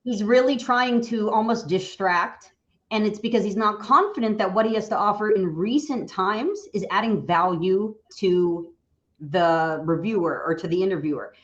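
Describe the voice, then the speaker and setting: A woman's voice: mid-range voice, normal speed. Woman, career coach, wry and explanatory, lo-fi video call sound. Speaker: career coach, resume writer. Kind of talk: casual video-call chat.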